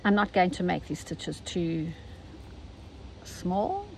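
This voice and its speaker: A South African woman, older, talking casually and gently through an embroidery tutorial step by step. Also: fairly low pitch, very animated, takes it slowly, creaky, slight background noise, poor audio. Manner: chatty, gentle step-by-step instruction. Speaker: embroidery teacher.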